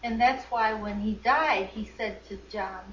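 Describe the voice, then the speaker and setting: A woman in a Bible study class explains a point in a matter-of-fact way. She sounds far from the mic in a roomy space. Clear background noise runs under her voice on a dull recording. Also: a little high, unhurried, a bit bright. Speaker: class member. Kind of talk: adding comments in a Bible study.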